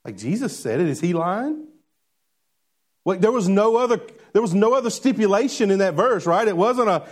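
A man preaching a sermon to a church congregation, animated and questioning, drawing responses from the crowd. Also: high voice, normal speed. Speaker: pastor. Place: church before a live congregation.

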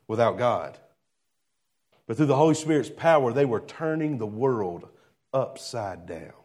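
Guy preaching a sermon, mid-pitch voice, chatty, asks the crowd stuff, gets quiet and low on the big points. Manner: conversational preaching with rhetorical questions to the congregation; drops to a soft, low voice on key phrases. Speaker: pastor.

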